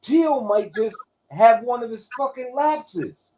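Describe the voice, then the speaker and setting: A man hosting a casual boxing talk, animated and profane, telling stories with acted quotes. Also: extremely high pitch, takes it slowly, a loud crowd. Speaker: host.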